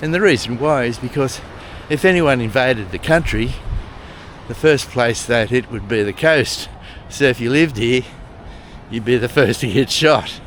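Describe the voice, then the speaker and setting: An Australian man talks through a casual travel vlog while walking a coastal path. He is chatty and wry, and his voice sits at a middling pitch. Traffic and outdoor noise come through clearly behind him. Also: measured pace. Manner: chatty, wry, friendly asides. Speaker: travel vlogger. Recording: noisy outdoor street recording. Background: traffic and outdoor ambience.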